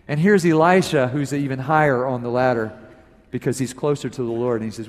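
A man preaching a sermon as pastor, telling a story with animated emphasis, his voice swinging from loud peaks to low asides. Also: normal speed. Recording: long reverb of a large hall.

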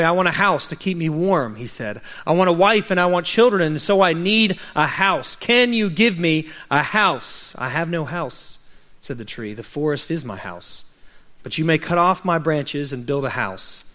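A man's voice: on the high side, animated, normal speed. A man pastor reading a children's story aloud and then preaching a sermon. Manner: reads a story aloud gently, then preaches with rising urgency.

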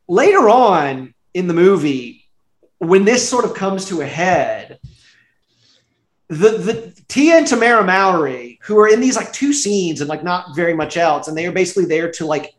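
A podcast co-host with a high-pitched, expressive voice talks at a normal speed, casually reviewing a movie. He rambles with lots of fillers and laughs often, and the recording has a roomy echo.

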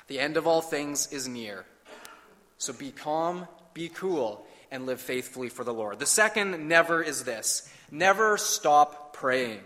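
A man in his thirties preaching a sermon in an earnest way, slowing down with emphatic pauses. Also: fairly high pitch, bright, forceful tone. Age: 30s. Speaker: pastor. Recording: long hall reverb.

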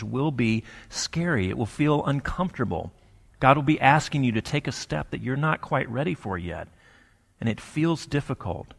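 A man's voice: mid-range voice, creaky. Man preaching in a reverberant hall. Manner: conversational storytelling with dramatic pauses. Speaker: pastor. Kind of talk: sermon.

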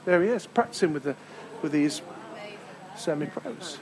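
A man's voice: fairly high pitch, animated, moderate pace, pauses often, a crowd in the background. An English man preaching a sermon as pastor, telling a travel story with emphatic repetitions. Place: church hall.

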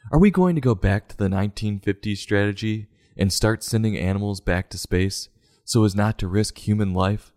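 A man's voice: fairly low pitch, normal speed, a little mellow. A man giving a comedic, sarcastic review of a children's book in a mock-exasperated way.

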